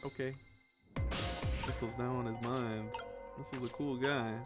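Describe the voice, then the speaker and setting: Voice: mid-range voice, fairly even intonation, measured pace. A streamer giving casual, playful commentary on a game, swearing freely and joking. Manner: playful, swearing, with lots of laughs. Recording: game music behind.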